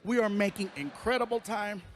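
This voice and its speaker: A man doing a stand-up comedy routine, telling an animated story and acting out voices and sound effects. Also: high-pitched, brisk, very noisy. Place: live comedy stage.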